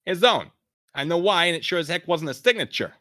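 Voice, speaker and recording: Man doing a brash high Brooklyn tough guy. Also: animated, brisk. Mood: brash reassuring. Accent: Brooklyn put-on. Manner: high, loud, streetwise patter.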